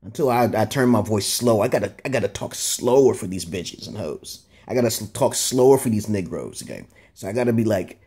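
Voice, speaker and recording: A man vlogging a rambling, profane monologue, tagging lines with "okay?" and jumping up in pitch for emphasis. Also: a little fast, hardly any pauses, husky. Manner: animated, jumps up in pitch for emphasis. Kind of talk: casual ranting monologue.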